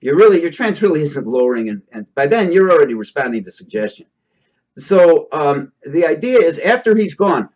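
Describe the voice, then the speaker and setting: Host type, a man with a higher voice and a swooping delivery; casual, rambling explainer; muffled lo-fi recording. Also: big pitch swings, moderate pace, darkish tone. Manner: rambling, checks in with "okay?". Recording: dull lo-fi recording.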